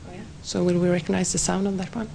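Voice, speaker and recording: Creaky-voiced woman with a Swedish accent. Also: lowish voice, flat delivery, very fast, warm tone, slight background noise, poor audio. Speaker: TV interviewer. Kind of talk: interview questions.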